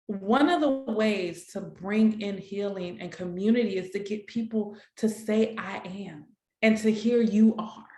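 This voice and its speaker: Heard over a video call, this workshop facilitator guides educators in an encouraging, affirming way, repeating many phrases. Her voice is mid-range, unhurried and warm, in an echoey room.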